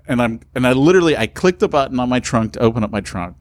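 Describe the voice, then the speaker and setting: A man's voice: medium pitch, lively intonation, very fast. A man co-hosting a podcast, telling a story in casual chat and acting out both sides of the conversation. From California. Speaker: podcast co-host.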